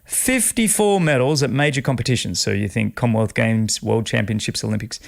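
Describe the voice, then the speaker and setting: A man's voice: medium pitch, fairly quick, gravelly. Enthusiastic Australian man hosting. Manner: enthusiastic, animated storytelling. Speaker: podcast host. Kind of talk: casual interview chat.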